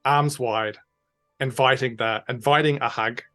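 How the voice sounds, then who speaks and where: Female game master, animated narrator who slips in and out of character voices, light music bed. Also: a bass voice, a little slow.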